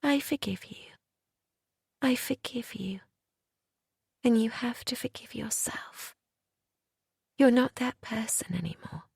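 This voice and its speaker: A woman voicing a tender young woman who pleads softly in a whisper, as whispered role-play in an audiobook. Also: mid-range voice, expressive, slow pace, vocal fry, long pauses, slightly rough, no room sound, clean studio sound, full character voice. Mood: pleading.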